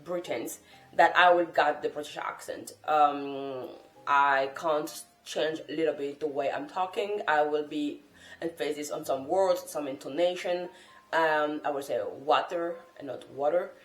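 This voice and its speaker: Faint music plays behind a woman with a deep, steady voice speaking at a measured pace in a room with noticeable echo. She's a French native and language-learning vlogger, talking casually to camera in an earnest, thoughtful, encouraging way.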